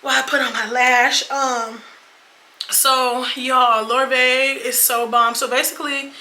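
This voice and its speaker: High, pushed and bright but level and unhurried, this twenty-something beauty vlogger recounts a dating story mid-makeup, swearing and calling her viewers y'all and girl. The casual get-ready-with-me storytime is recorded in an echoey room with faint ambience.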